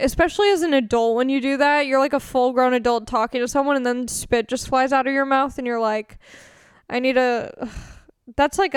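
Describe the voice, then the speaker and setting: A woman's voice: on the high side, clean tone, no echo, clean studio sound. A young woman from California hosting a podcast, chatting casually and crudely in a rambling way with lots of fillers. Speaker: podcast host. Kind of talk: casual chat answering questions.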